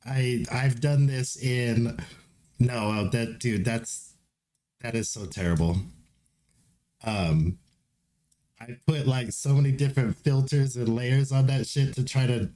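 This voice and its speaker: A man's voice: medium pitch, mellow. A man chatting casually on a live stream, rambling, laughing often and swearing as he mocks himself, a little tipsy.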